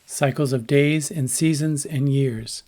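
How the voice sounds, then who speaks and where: Measured man narrating a lesson. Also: medium pitch, darkish tone. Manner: measured and explanatory, acting out intonation examples. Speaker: lecturer on translation. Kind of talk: scripted educational narration.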